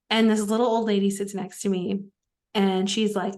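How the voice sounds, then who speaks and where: A woman coach in a casual podcast interview, telling lively stories, swearing now and then and calling her listeners y'all. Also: medium pitch, brisk. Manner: animated storyteller, swears, addresses listeners as y'all. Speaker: life coach guest.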